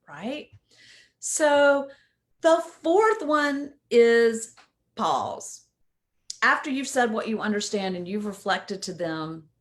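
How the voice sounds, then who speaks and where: A woman coach giving a casual instructional talk in a conversational way, often checking in with "right?". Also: on the high side.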